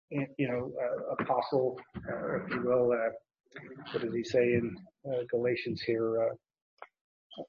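A man's voice: medium pitch, muffled recording. A man teaching through a bible passage verse by verse, talking in a loose, conversational way with frequent fillers and little chuckles.

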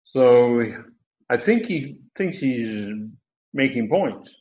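A man teaches a Bible passage verse by verse, emphatically explaining the Greek words and correcting himself along the way. His voice is medium-pitched with lively intonation, he takes it slowly, and the sound is tinny and phone-like in an echoey room.

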